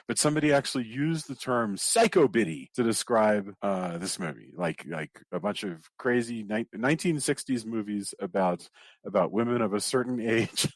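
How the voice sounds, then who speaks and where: A man with a Texan accent hosting a casual podcast, animated and laughing often. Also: on the low side, no room sound. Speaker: podcast host.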